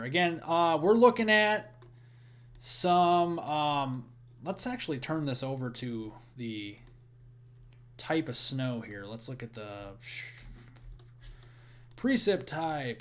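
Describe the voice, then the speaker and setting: A man's voice: a little high, animated, slow. A young man with a Midwestern American accent talks on a live weather stream. His voice sits a little above most men's, and he keeps a loose, chatty flow as he thanks viewers and runs through storm and snow details. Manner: chatty, thanks donors, rattles off forecast details. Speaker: weather livestream host.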